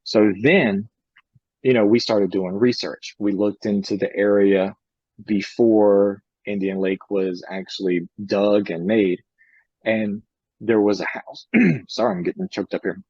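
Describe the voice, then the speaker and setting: A man's voice: lowish voice, fairly even intonation, a little slow, a little mellow, slightly rough, no room sound, lo-fi sound. A man co-hosting a podcast, casually retelling a story and conversations, with many fillers and restarts. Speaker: podcast co-host.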